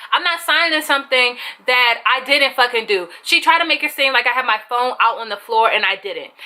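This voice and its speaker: Young woman ranting thru a storytime, bright voice, high-ish, cussing n acting it all out. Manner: animated, swearing, acts out quotes in raised voice. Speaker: vlogger. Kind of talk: casual storytime.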